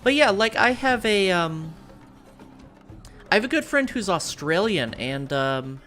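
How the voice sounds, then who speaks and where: Streaming a strategy game, this woman from the United States talks with her viewers in a very animated yet measured way, her medium-pitched voice fairly bright. It's loose live-stream chatter, rambling and packed with fillers and false starts, over soft background music.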